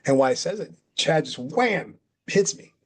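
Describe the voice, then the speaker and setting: A man's voice: on the high side, moderate pace, breathy edge. A middle-aged man, a retired pro wrestler, telling a story in a casual way with lots of fillers and acting out the quotes of the people in it. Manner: animated, acts out quotes, many fillers.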